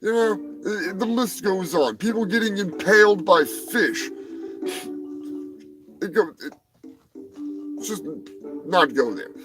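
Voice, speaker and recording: A man hosting a live stream, riffing on animal news in a rambling, profane, jokey way, swinging between loud outbursts and muttered asides. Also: high-pitched, lively intonation, takes it slowly, pauses often, music in the background, poor audio. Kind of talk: profane comedic news rant.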